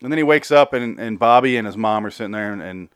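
A man's voice: fairly low pitch, fast, clear, resonant tone, no echo, studio quality. A man hosting a podcast, casually recapping and reviewing a TV episode, out of breath, profane and rambling. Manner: profane, rambling, repeats words when restarting. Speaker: podcast host.

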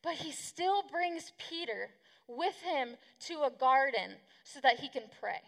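Woman youth pastor, high gravelly voice, casual sermon, reverberant hall. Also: animated, slow, a bit bright. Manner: chatty, slangy, acts out quotes.

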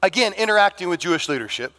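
A man preaching a sermon as pastor, animated and acting out the dialogue of the people in his story. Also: sits high, racing. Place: church sanctuary.

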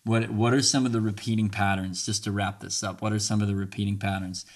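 Fast-talking, with a fairly low pitch and level tone, this podcast host discusses communication in a relaxed, sincere coaching style. He repeats phrases so listeners can say them along with him.

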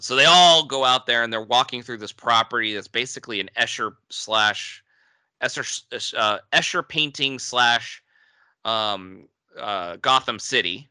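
A man's voice: medium pitch, a little slow, pushed and bright, clean tone, dry recording. A man co-hosting a casual podcast chat, retelling a movie plot with frequent laughs. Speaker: podcast co-host.

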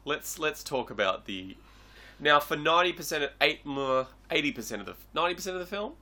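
A man's voice: on the high side, big pitch swings, a little fast, pushed and bright. A man co-hosting a podcast, dryly recounting film scenes in casual chat. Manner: dry, recounts scenes in acted quotes. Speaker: podcast co-host. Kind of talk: casual movie review chat.

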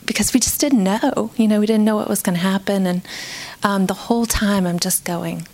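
A woman's voice: medium pitch, a little fast, a little mellow. Woman, mid-range voice, candid and reflective faith testimony with the odd light laugh. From Georgia, USA. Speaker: speaker sharing a personal testimony.

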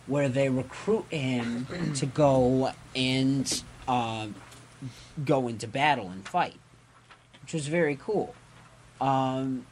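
A man's voice: mid-range voice, slight background noise. A man co-hosting a podcast, casually recapping a comic with lots of fillers and self-corrections, acting out characters' lines. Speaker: podcast co-host.

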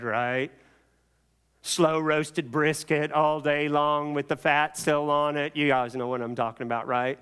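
A man preaching a sermon, telling the story with animated voices for the people in it. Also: on the high side, a little slow, smooth.

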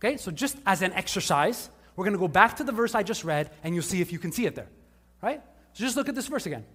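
High-voiced joking male pastor. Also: very animated, fast talker, fairly bright tone, breathy edge, in a large hall. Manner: casual, joking asides with the congregation. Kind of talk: conversational sermon. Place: church service before a live congregation.

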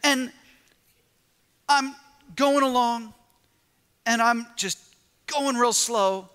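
A man preaching a sermon, telling a personal story in an animated way and acting out his own reactions. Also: very high-pitched, drawn-out words, smooth. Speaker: pastor. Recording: echoey hall with long reverb.

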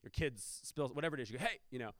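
A man's voice: mid-range voice, very fast, fairly bright tone, no room sound. A man preaching a sermon as pastor, in a conversational manner with rhetorical questions and asides.

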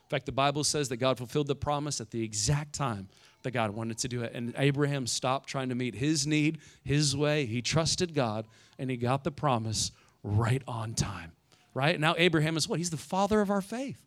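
A middle-aged man preaching a sermon as a pastor, in a conversational way, often adding "right?" and swinging from loud emphasis to hushed, quiet moments. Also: medium pitch, normal speed.

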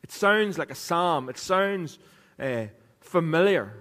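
A man preaches into a microphone in a tone that is a touch high for a man. His delivery is chatty and jokey, with teasing asides to his listeners. The sound carries a long reverb from the church hall around him. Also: expressive, takes it slowly, fairly bright tone. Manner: conversational and joking, with a teasing aside to the congregation. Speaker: pastor. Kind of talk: sermon.

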